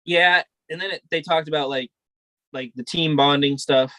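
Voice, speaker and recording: A man's voice: a little high, fairly even intonation, normal speed, sharp tone. A young man co-hosting a podcast, telling a rambling, profane story in casual chat. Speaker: podcast co-host.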